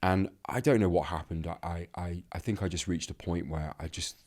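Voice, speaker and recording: A man with a very low, deep voice speaks candidly in an interview. He talks in a reflective, halting way and often restarts his sentences. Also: darkish tone. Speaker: interview guest, actor.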